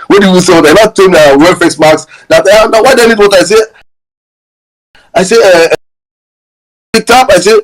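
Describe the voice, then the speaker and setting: A man's voice: sits high, fast, fairly bright tone, rough recording. A young Nigerian man with a Nigerian accent who hosts a live audio space, ranting about politics and telling stories, mixing in Pidgin, laughing as he talks and often stammering and restarting. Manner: mixes Pidgin into English, laughs through his stories, many stammers and restarts. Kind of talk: animated political rant with storytelling.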